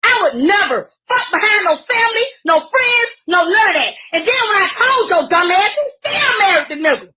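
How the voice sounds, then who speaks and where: A middle-aged woman rants loudly into her camera, swearing heavily. Her voice sits very high and sounds bright and sharp. She often breaks into shouting and pushes her words out hard. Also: big pitch swings, moderate pace, hardly any pauses. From Virginia, US. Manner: loud, profane, shouting. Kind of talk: angry live-stream rant.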